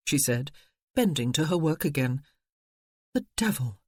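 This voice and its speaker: Measured audiobook narrator, dry close sound. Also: medium pitch, animated, darkish tone, breathy edge, no room sound. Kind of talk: scripted narration.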